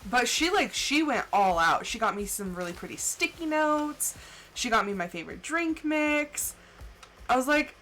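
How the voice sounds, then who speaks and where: A woman livestreamer telling stories in casual chat, animated and full of fillers, acting out the people she quotes. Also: mid-range voice, poor audio. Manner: chatty and animated, full of "like" and laughs; acts out quoted people with jumps in voice. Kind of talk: casual storytelling chat during a game stream.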